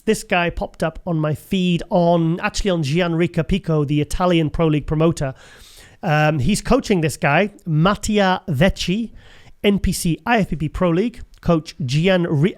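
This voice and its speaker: Male host, higher pitch, loose rambling chat with frequent laughs. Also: moderate pace, smooth. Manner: chatty, rambling, laughs often. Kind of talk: casual show commentary.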